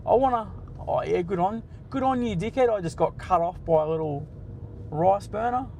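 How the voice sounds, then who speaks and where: A man's voice: high-pitched, normal speed, mellow, slight background noise, poor audio. An Australian man in his late forties, hosting a casual, blunt and sweary live stream, bantering with his chat from the driver's seat of a car. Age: 40s. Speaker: livestream host.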